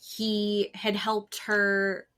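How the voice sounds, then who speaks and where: A woman co-hosting a podcast in casual chat, playful and full of quick joking asides. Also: medium pitch, monotone, a bit bright, smooth. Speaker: podcast co-host.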